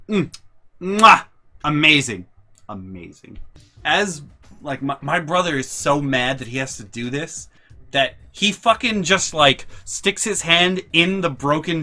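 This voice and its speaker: A young man vlogging a storytime, telling family anecdotes in an animated, sweary, casual way. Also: on the high side. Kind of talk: storytime vlog.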